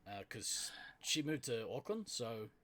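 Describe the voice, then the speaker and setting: A man's voice: mid-range voice, very animated, unhurried, a bit bright. A man with a New Zealand accent, co-hosting a podcast in casual chat. He laughs often and trails off with fillers. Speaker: podcast co-host.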